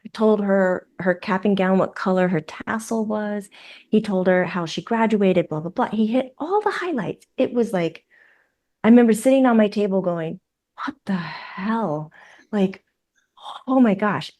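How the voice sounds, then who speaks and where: A woman, a psychic medium who is a guest on a podcast, tells stories in a lively way and acts out the voices of the people in them. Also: mid-range voice, normal speed. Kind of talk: conversational storytelling.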